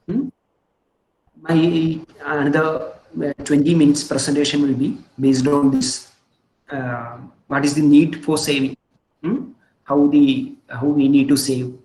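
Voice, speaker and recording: A man with an Indian English accent presents a webinar over a video call, speaking in a slightly raised voice. He pauses often with fillers and checks in with a questioning "hmm?". The sound carries an echoey room. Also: a little high, a little mellow. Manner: frequent "hmm?" check-ins, halting with many fillers. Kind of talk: online lecture with slides.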